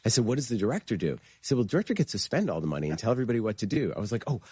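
A man, a horror filmmaker and guest, telling animated stories in conversation and acting out the voices he quotes. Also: lowish voice, slightly rough, no room sound. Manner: fast, excitable, acts out quoted voices. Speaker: horror film producer and director guest.

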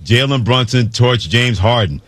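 A man's voice: mid-range voice, expressive, a little slow, fairly bright tone, no room sound. A man hosting sports talk radio, telling stories theatrically and delivering sarcastic critique into a studio microphone.

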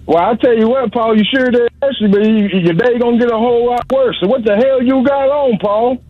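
A man's voice: very high-pitched, fairly quick. A man calling in to a radio show, teasing and trash-talking in a rambling way. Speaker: caller. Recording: tinny dry phone line.

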